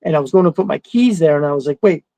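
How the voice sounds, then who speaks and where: Gravelly guy rambling through a story on his podcast, jumps way up in pitch for the quotes, dry close sound. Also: rapid-fire, no echo, low-quality recording. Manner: animated, acts out quotes in a higher pitch, swears freely. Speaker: podcast host. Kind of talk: casual storytelling.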